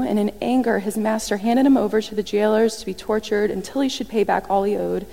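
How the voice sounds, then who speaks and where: A woman preaching a sermon in a lively, conversational way, often acting out what people said. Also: medium pitch, brisk, gravelly, hardly any pauses. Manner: animated, conversational, acts out quotes. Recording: long reverb from a large hall.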